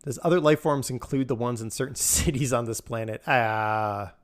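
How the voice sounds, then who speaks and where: A man's voice: mid-range voice, normal speed. Male streamer, casual live chat while gaming, rambling and laughing a lot. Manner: rambling, chatty, laughs often, answers chat.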